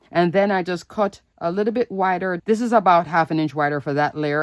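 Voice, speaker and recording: Brief: woman host for a craft demo, low voice, dry close sound, bubbly and chatty. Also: no echo. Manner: gushing, upbeat, repeats "fun" and "okay?". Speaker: papercraft channel host. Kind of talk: casual product demo walkthrough.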